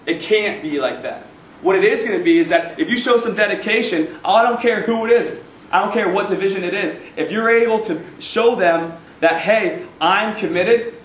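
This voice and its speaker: A young man with a fairly high voice speaks to a university crowd with punchy, repetitive emphasis. He is picked up from a distance, so the hall's echo carries his words, and a faint hum of room noise sits underneath. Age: young adult. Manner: energetic, emphatic, repeats phrases. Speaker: guest speaker. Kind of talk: motivational talk. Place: university event hall. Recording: echoey room, recorded from far off.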